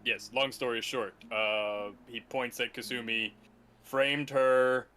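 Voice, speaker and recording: A man playing a tabletop role-play game, brisk and to the point, with hesitant fillers as he sums things up. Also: mid-range voice, fairly even intonation, bright, forceful tone, smooth, soft background music.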